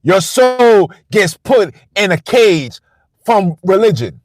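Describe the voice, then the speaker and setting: Speaking slowly in a high voice with big pitch swings and no echo, a male livestream host rants defiantly. The monologue is blunt and profane, repeating the same phrases over and over.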